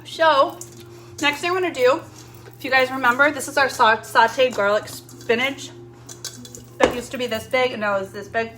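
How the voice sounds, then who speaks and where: A woman's voice: sits high, normal speed, background noise. A young woman hosting a casual cooking demo in her home kitchen, chatting loosely with lots of fillers as she works. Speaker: home cooking show host.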